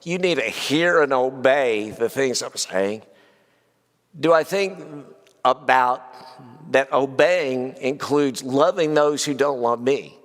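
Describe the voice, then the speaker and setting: A man's voice: medium pitch, fairly bright tone. A man preaching a conversational Bible class in a church, asking many rhetorical questions and often saying "you know". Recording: long hall reverb.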